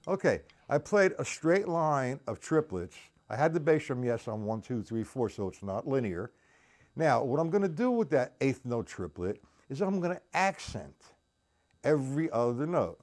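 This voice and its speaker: Over loud music from the drums he plays while talking, this drum teacher speaks at normal speed in a mid-range voice with big pitch swings. Between examples in his live-streamed lesson, he counts beats aloud and greets his viewers.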